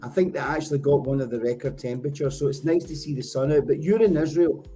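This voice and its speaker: A Scottish man hosts a live show through a headset mic. His voice is mellow and soft, a touch higher than most men's. He talks in a chatty, joking way and rambles as he corrects himself. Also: fast talker, faint music behind. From Scotland. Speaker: host. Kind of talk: live show hosting, casual chat.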